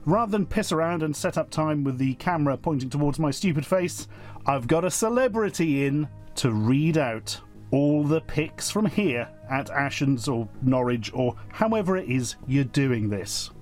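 A man's voice: on the high side, lively intonation, moderate pace, soft background music. A man presenting a segment, rambling and offhand, poking fun at himself. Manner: rambling, offhand, self-mocking. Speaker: guest presenter.

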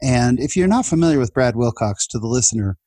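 A man's voice: medium pitch, animated, brisk, mellow, husky, dry recording. A man in his forties telling personal stories in a casual podcast chat, earnest and emotional, laughing now and then. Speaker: guest.

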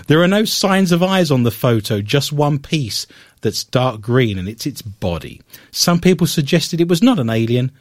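A man's voice: a little high, no room sound, clean studio sound. A man hosting a podcast, reading odd news stories and breaking into playful, self-mocking banter. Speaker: podcast host. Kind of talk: joking casual chat.

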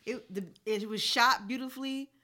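Woman, podcast co-host, bright tone, frank and expressive. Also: on the high side. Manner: candid, expressive, quick asides. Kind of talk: casual chat.

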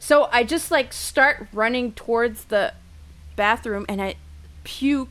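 A young woman in her twenties, a podcast co-host, telling a story in casual chat with friends, lively and swearing freely. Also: a little high, slow.

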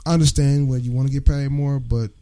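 A man's voice: medium pitch, fairly even intonation, quick pace, mellow. A man co-hosting a casual talk show, ranting bluntly and with heavy profanity. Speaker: podcast co-host. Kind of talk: casual rant.

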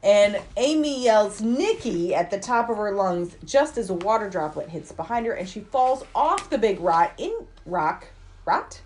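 A woman in her forties talks through a film plot for a podcast, loose and chatty, dropping curses as she voices the characters in quick asides. Her voice sits at an ordinary middle pitch. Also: sing-song, darkish tone, a little hiss or hum. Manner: swears freely, acts out lines in quick asides. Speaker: podcast host recapping a film. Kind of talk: casual chat, retelling scenes.

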